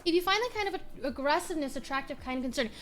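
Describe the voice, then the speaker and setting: Young female streamer, high bright voice, chatty and animated, casual late-night chat. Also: rapid-fire. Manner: chatty, animated, talks to her pet and chat.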